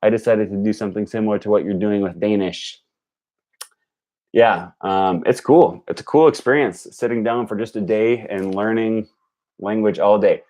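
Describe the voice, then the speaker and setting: A young man on a casual live stream, practicing and repeating phrases out loud while chatting with viewers and correcting himself. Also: lowish voice, steady tone, moderate pace. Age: young adult. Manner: laughs at own jokes, self-correcting. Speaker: language learning streamer.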